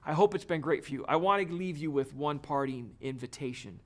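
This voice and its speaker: A man's voice: on the high side, a little fast. A man teaching a drum lesson, explaining each step in an encouraging way. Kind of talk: video lesson.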